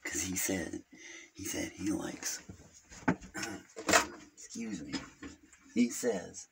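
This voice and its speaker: A man's voice: low-pitched, animated, extremely slow, vocal fry, very noisy, exaggerated voice. A man playing a rambling, gossipy male Jehovah's Witness who halts, hums and giggles at his own crude jokes in an improvised comedy monologue.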